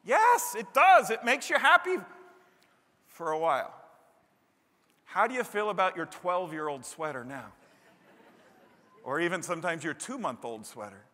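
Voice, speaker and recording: A man preaching a sermon, animated, breaking into loud high-pitched bursts when he acts out what people say. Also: normal speed, long pauses. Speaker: pastor. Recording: long hall reverb.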